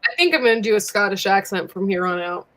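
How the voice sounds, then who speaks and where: A woman's voice: mid-range voice, animated, fast talker, a bit bright, no room sound. A woman co-hosting a casual talk show, playful and joking around. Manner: playful, jokey. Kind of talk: casual chat.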